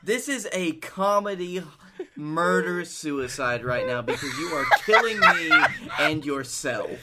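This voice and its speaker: A man's voice: on the high side, animated, measured pace, heavy background noise. A man co-hosting a comedy podcast, heckling his partner dryly and chatting casually. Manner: dry, heckling. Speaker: podcast co-host.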